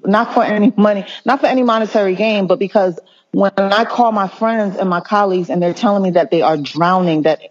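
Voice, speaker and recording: Earnest, impassioned male nurse on lo-fi audio. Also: high voice. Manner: earnest, impassioned, halting with restarts. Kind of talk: interview guest. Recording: muffled lo-fi audio.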